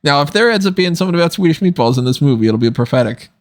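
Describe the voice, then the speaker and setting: A man's voice: on the high side, expressive, racing. Tired guy hosting a podcast late at night, rambly, laughs a lot. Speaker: podcast host. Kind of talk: casual commentary chat.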